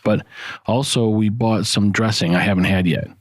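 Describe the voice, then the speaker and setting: A man's voice: fairly low pitch, moderate pace, no echo. A middle-aged American man co-hosting a podcast in loose, swear-heavy casual chat. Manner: loose, swears a lot, laughs often. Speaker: podcast co-host.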